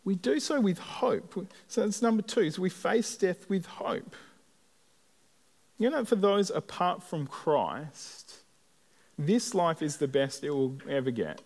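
A man preaching a sermon as a pastor, earnest and measured, with deliberate pauses. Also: on the high side, lively intonation, a little mellow. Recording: long hall reverb.

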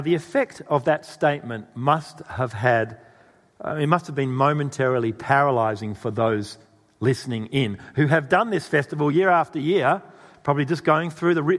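A man's voice: fairly high pitch, a bit bright. A man preaching a sermon, telling a story and asking the audience questions. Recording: long reverb in a hall.

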